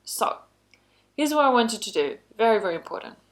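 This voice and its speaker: A woman's voice: a little high, very animated, fairly quick. Chatty woman trainer, upbeat and conversational. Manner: chatty, frequent "you know" asides, upbeat emphasis. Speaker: workplace skills trainer. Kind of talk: conversational online lesson.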